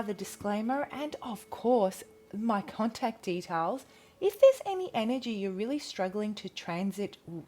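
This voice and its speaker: A woman's voice: mid-range voice, a little mellow. An Australian woman reading tarot in a casual vlog, chatty and enthusiastic, often breaking off mid-sentence. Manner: chatty, enthusiastic, self-interrupting. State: out of breath. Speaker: tarot reader.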